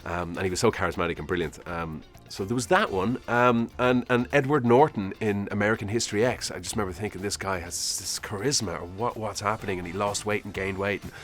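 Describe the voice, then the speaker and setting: A man's voice: on the low side, quick pace, hardly any pauses. A man in his forties, an actor answering interview prompts in a chatty, self-deprecating way, laughing at himself as he rambles through memories.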